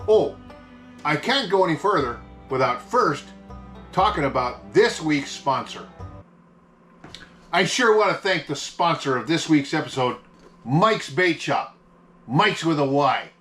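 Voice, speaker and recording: A man's voice: fairly high pitch, bright, forceful tone. Folksy Yooper man hosting a mock show. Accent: Upper Michigan Yooper. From Upper Peninsula of Michigan. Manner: folksy, hammy, jokey. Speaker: comedy vlog host.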